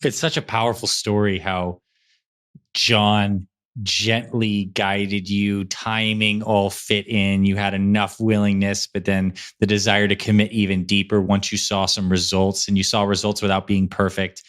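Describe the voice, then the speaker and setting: A man hosts a podcast interview over a video call, and his voice sits a bit low. He listens patiently and encourages his guest. His questions are calm and measured. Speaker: podcast host.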